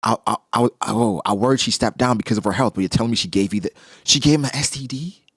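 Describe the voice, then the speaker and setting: A man giving casual, excitable reaction commentary on a manga chapter, exclaiming and joking as he reads. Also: mid-range voice, quick pace, husky, dry recording, studio quality.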